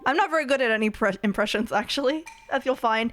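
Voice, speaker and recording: A woman's voice: a little high, a little fast, a bit bright. A woman streaming casually, playful and giggly, trying out silly voices between chatting with viewers.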